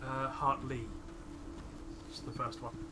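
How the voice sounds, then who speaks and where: A man's voice: mid-range voice, level tone, slow pace. A man co-hosting a game stream, chatting casually, offering hints about the game and teasing his friend in a dry way. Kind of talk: casual gaming chat. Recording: live stream with background noise.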